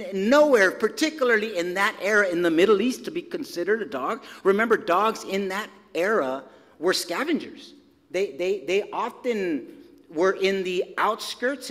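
High-voiced male pastor in echoing church. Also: a bit bright. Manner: conversational preaching with casual slang and repetition. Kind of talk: sermon. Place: church sanctuary.

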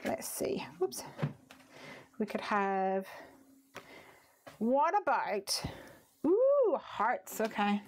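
A chatty woman demonstrates card making live from her home craft room, talking through each step and wandering off track as she goes. Her voice sits in an ordinary middle range, with a faint hiss of noise underneath. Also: mid-range voice. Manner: chatty, thinks aloud, easily distracted. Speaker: crafting live-stream host. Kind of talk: casual chatty craft demo.

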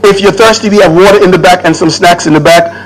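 A man with a notably high voice gives a speech at a public town hall. He talks emphatically and rhetorically, throwing out questions and then answering them. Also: steady tone, fast talker. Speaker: government minister.

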